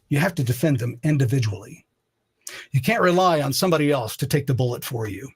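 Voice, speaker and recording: Man host, slightly high husky voice, animated, swears, restarts a lot. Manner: profane, rambling with repeated restarts. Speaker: live-stream commentary host. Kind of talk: casual storytelling monologue.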